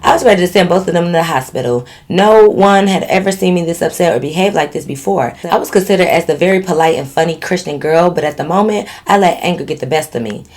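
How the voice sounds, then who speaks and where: Woman vlogger, lowish voice, storytime reader with sassy teasing commentary. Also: fast talker, few pauses, darkish tone. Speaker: channel host. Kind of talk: reading a viewer's story aloud with commentary.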